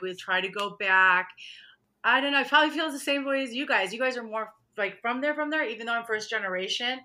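A woman talking as a guest in a relaxed interview. Her voice is bright and forceful, and she chats freely, laughing often and acting out what people said. The talk is casual and lively. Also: medium pitch. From Michigan, USA. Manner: chatty, laughs often, acts out quotes.

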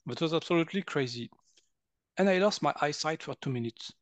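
A man's voice: fairly high pitch, quick pace, no room sound. A man in his fifties from France with a French accent, a guest energy healer animatedly telling personal stories and acting out quotes. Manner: animated, acts out quotes, laughs often. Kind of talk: personal storytelling in conversation.

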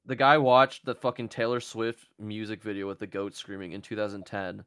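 A man's voice: fairly low pitch, flat delivery, a little fast, a bit bright, clean tone, no echo, clean studio sound. A man hosting a casual comedy podcast, joking and swearing as he rambles. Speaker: podcast host.

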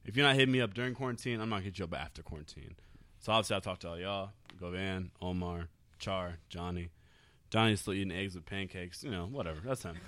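A man's voice: deep voice, fast talker, bright, forceful tone. A young man co-hosting a casual drinking podcast, talking loosely with crude jokes and laughs. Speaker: podcast co-host.

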